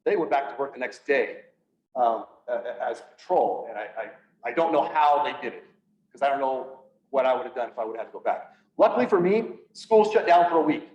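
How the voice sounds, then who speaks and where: A man giving an earnest personal talk to an audience, halting at times and restarting his sentences. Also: medium pitch, animated, a little mellow. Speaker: public speaker on PTSD. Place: event room, speaking to an audience. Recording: echoey room, voice from far off, dull sound.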